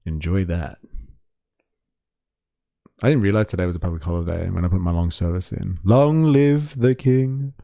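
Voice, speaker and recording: A man's voice: deep voice, steady tone, fairly quick, gravelly, long pauses, warm tone, dry recording. A man hosting a livestream, reading out viewer comments in a casual, swearing, mock-outraged way. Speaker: livestream host.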